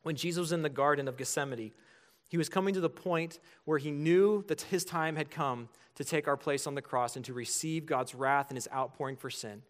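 Man, 30s, pastor delivering a sermon; higher-pitched, earnest. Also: a little fast. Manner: earnest preaching, rising to emphatic calls.

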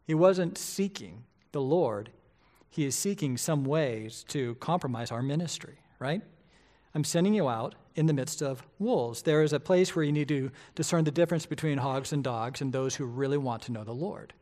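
A middle-aged man, a pastor, preaching a sermon in a lively, conversational way, often asking the congregation rhetorical questions. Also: medium pitch, normal speed.

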